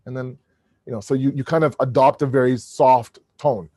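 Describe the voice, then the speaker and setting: Booming male lecturer on a video call, animated, dry close sound, frequent restarts. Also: a little fast, no room sound. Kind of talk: online religious lecture.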